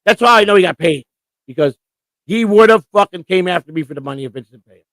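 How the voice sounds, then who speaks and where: A man's voice: high-pitched, lively intonation, fast talker, a bit bright, no echo. A man co-hosting a casual live stream, talking bluntly and profanely in long rants. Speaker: co-host.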